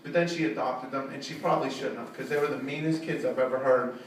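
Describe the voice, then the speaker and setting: A man's voice: steady tone, fast. A middle-aged man doing a stand-up comedy set, brash and profane, recorded in a small art studio venue. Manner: brash and profane, pitching up for quoted callers. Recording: very echoey room, from a distance, audible noise.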